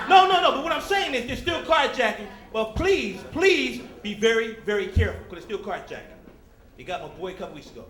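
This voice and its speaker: A man doing a stand-up comedy routine on a club stage, teasing the audience and jumping into quick character voices. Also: sits high, noisy background. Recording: echoey club with crowd laughter.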